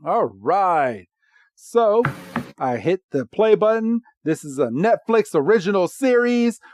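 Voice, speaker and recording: A man co-hosting a podcast, casually recapping a cartoon episode with lively retelling. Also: takes it slowly, no room sound, clean studio sound. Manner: animated recap, doing squeaky character voices. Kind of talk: casual chat.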